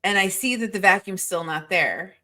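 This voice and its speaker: A woman's voice: medium pitch, normal speed, pushed and bright. A middle-aged woman co-hosting a podcast, telling stories in a profane, exasperated casual chat. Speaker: podcast co-host.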